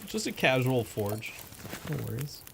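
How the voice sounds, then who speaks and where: Laid-back guy streaming a game, mid pitch, chatting away to viewers, noisy game audio underneath. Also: a little slow, creaky. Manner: relaxed, chatty, talks to viewers and thinks aloud. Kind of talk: casual live gameplay commentary.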